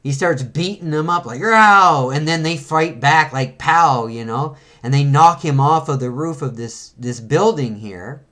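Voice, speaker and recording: A man walking through a comic book page by page in casual chat, reading the panels aloud and slipping into quick voices for the characters. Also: on the high side, fairly bright tone.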